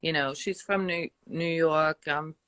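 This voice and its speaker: A woman's voice: low voice, fairly even intonation, measured pace, a bit bright, no room sound. An older woman from the Boston area with a Boston accent, chatting casually with a friend and laughing often. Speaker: co-host. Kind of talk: casual chat.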